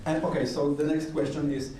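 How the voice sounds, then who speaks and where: A man's voice: on the high side, flat delivery, brisk, noisy background. A man with a Polish accent, an audience member, asks a conference speaker a question politely and hesitantly, with many fillers. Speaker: audience member asking a question, coastal engineer. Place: conference hall. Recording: echoey hall, mic held at a distance.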